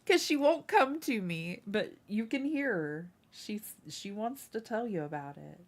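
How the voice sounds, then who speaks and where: Slow gravelly woman streamer. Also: mid-range voice, expressive. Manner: chatty, talks to her cat and viewers. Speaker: craft livestream host. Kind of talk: casual livestream chat. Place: home room.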